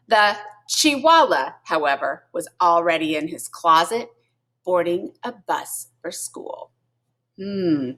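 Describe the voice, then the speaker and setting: A woman teacher reading a children's picture book aloud, expressive and playful, with asides to young listeners. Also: medium pitch.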